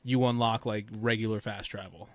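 A man's voice: fairly low pitch, fairly even intonation, normal speed, no room sound. A man co-hosting a podcast, chatting casually about a game, teasing and giving advice. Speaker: podcast co-host. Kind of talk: casual gaming chat.

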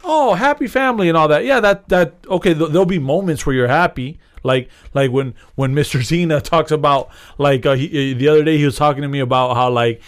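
A man with a slightly high voice co-hosts a casual podcast. He tells a story with lots of energy and curses freely. He breaks into laughter as he goes. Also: a little fast, hardly any pauses. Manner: animated storyteller, profane, laughing often. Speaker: podcast co-host. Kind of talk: casual chat.

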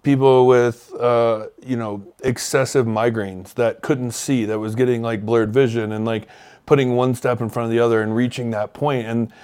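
A man's voice: medium pitch, steady tone, moderate pace, a little mellow, clear, resonant tone. A man co-hosting a podcast, reflecting earnestly in casual conversation with loose, rambling phrasing. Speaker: podcast co-host.

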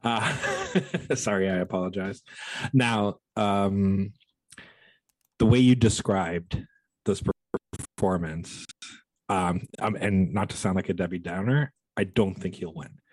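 Deep husky man in a dry room. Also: slow pace, a little mellow, no echo, rough recording. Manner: joking, blunt, swears. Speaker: co-host. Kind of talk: casual film awards chat.

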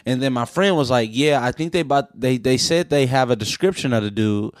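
A man's voice: mid-range voice, a little fast, few pauses, smooth, no room sound, studio quality. A man co-hosting a podcast in casual chat, joking, teasing and swearing a lot. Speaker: podcast co-host.

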